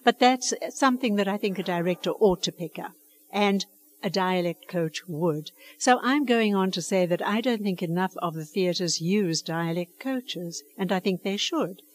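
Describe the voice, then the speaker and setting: An older woman talking about her work as a dialect coach in an interview. She speaks earnestly and with emphasis, passionate and a little fussy about getting things right. Her voice sits at an ordinary pitch for a woman. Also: moderate pace. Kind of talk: conversational interview.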